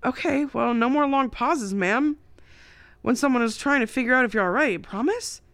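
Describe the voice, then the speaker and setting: A woman's voice: high voice, lively intonation, moderate pace, a bit bright, no echo, voice pushed up. A woman doing a bubbly, teasing young daughter. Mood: earnest. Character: young adult woman, playful, joking daughter.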